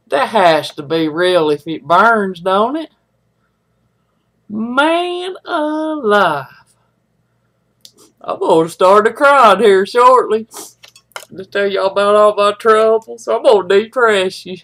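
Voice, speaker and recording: Talking casually with the people watching her live stream, this middle-aged host rambles in a homey, folksy style. Her voice has a medium pitch and a slightly bright quality.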